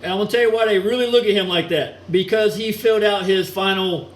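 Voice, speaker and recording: Speaking high and fast with hardly a pause, a solo vlogger rambles through a crude, mocking rant, chuckling now and then. The room is echoey, with an air conditioner humming.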